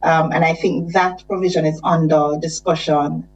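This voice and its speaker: A woman's voice: low voice, steady tone, normal speed, slight background noise. A woman, legal counsel, explaining legal procedure to a committee with hesitant fillers. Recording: dull lo-fi sound.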